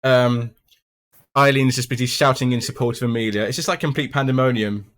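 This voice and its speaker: A man's voice: mid-range voice, fairly even intonation, fairly quick. A man running a tabletop horror game as game master, narrating casually with frequent ums.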